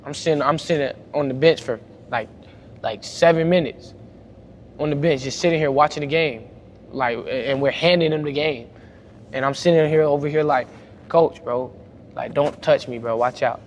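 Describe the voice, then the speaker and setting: A young man, telling a story about a high school basketball game in casual talk, growing loud when he replays arguments. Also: normal speed. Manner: animated, gets louder retelling arguments. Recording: faint background noise.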